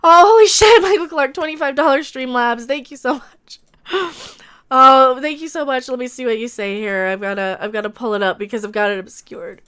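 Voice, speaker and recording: A woman's voice: a little high, steady tone, fairly quick, fairly bright tone, clean tone. A woman hosting a livestream, reacting to a trailer and ranting emotionally, swearing and laughing between lines.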